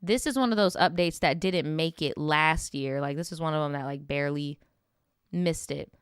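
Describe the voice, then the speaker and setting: A woman's voice: low voice, moderate pace, clear, resonant tone, no echo, clean studio sound. A young woman hosting a casual storytime stream, reading viewer updates and reacting with slangy, sarcastic commentary.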